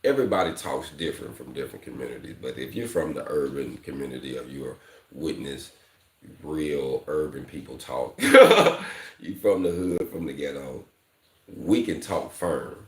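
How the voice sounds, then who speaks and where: Deep-voiced candid man, slangy vlog talk. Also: very animated, normal speed, fairly bright tone, roomy sound. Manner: candid, repeats "fam" and "you know", slangy. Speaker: welding instructor. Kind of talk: casual vlog talk to viewers.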